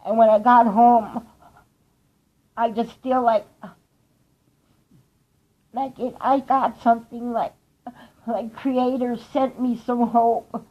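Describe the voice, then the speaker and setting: A woman telling a personal story in a heartfelt vlog, slow and earnest, with soft laughs between thoughts. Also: a little high, steady tone, dull audio. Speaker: vlogger.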